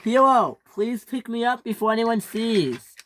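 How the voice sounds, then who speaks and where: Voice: medium pitch, lively intonation, unhurried, noisy background, pitched above the performer's own voice, lightly acted. A performer voicing a boastful, hotheaded young male train engine in a toy train story. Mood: excited, whiny. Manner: whiny, shouts often.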